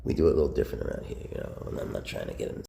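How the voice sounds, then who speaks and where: A man who keeps snakes, talking casually and fondly about them, slipping into doting baby talk and soft whispers. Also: rumbling low, big pitch swings, rapid-fire, gravelly. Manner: drops to soft whispers at times. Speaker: snake keeper. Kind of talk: casual talk to camera while handling snakes. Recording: faint background noise.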